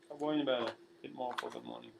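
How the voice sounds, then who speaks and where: Gravelly, sweary male streamer. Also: medium pitch, fairly even intonation, very fast, heavy background noise. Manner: profane, ranting, swings between loud and muttered. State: tired. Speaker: livestream music show host. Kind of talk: rambling livestream monologue.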